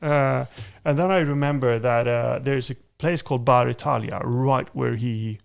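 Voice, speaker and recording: A man hosting a podcast, spinning a lively anecdote in casual chat. His voice has a gravelly, creaky edge and sits at an ordinary pitch, and he slips into the voices of the people in his story as he goes. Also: moderate pace. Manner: animated, laughing storyteller who acts out quotes. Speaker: podcast host.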